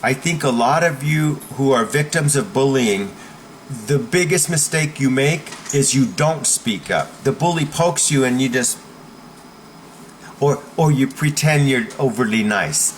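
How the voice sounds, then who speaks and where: A man's voice: mid-range voice, lively intonation, unhurried, slight background noise. A man coaching viewers in a blunt, emphatic talk, often checking in with "okay?". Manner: forceful, blunt instruction. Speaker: self-defense coach.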